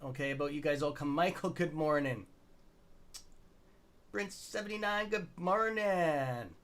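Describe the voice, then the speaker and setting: A man's voice: a little high, unhurried, a bit bright. A middle-aged Canadian man hosting a stock trading livestream, rambling loosely and greeting viewers by name in a friendly, casual way.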